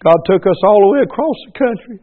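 A male preacher from North Carolina with a Southern accent, giving a fervent sermon and altar call that swings from loud exhortation to a hushed plea. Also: high-pitched, lively intonation, fast, narrow, tinny audio. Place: church service.

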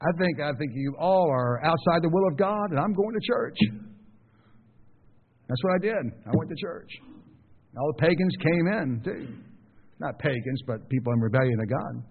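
Man preacher, husky voice, slightly high, phone-like sound, long reverb, rhetorical questions. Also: animated, moderate pace. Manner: conversational preaching with rhetorical questions, acting out quoted people. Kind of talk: sermon. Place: church.

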